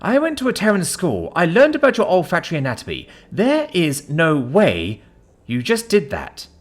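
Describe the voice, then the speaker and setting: A man voicing a playful, sulky alien woman on a date, talking in excited, indignant bursts. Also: a little high, moderate pace, faint music behind.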